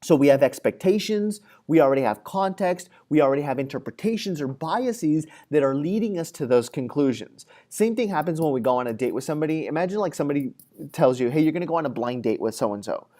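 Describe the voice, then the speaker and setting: Fast and lively in intonation, a psychology lecturer with a fairly high, dark-toned voice speaks to his class conversationally, using frequent fillers and acting out everyday scenarios in quoted voices.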